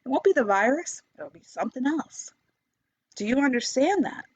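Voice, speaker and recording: Fired-up woman with a high voice. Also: expressive, normal speed, a little mellow, breathy edge, dry recording. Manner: fired-up, passionate, swears freely, restarts mid-sentence. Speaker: meditation teacher. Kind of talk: impassioned unscripted monologue. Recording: dull, dry, lo-fi recording.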